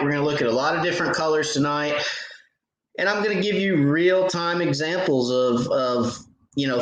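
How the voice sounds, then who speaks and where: A man's voice: mid-range voice, fairly bright tone. Folksy man in an echoey room. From Knoxville, Tennessee. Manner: folksy, reads viewer comments aloud. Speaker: fishing livestream host. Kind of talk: casual livestream chat.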